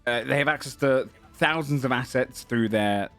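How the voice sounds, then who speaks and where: Male host, mid pitch, self-mocking humour, light music under it. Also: normal speed, a bit bright. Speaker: game master and show host. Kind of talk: casual chat and sponsor read.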